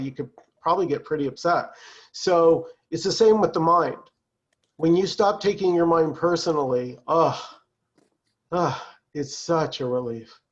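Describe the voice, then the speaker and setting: A man leading a spiritual satsang over a video call, in a calm, conversational way with easy laughs. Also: a little high, muffled recording. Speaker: satsang teacher.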